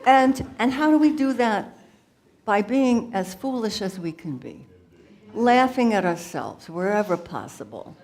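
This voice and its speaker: A woman's voice: mid-range voice, lively intonation, measured pace, a little mellow. A woman putting on a brash jokey lady guru. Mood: jovial. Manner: boisterous, jokey, laughing between lines. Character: playful brash female guru alter ego.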